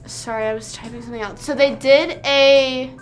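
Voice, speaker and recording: A woman's voice: high voice, fairly even intonation, normal speed, soft background music. A young woman livestreaming, rambling casually with lots of "like" fillers as she chats to her viewers. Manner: rambling, chatty, full of "like" fillers.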